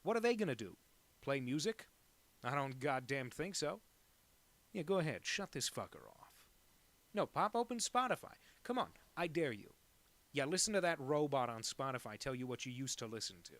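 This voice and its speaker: A man voicing a brash male radio DJ who loudly goads his listeners. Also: mid-range voice, very animated, normal speed. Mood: taunting. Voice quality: loud and goading.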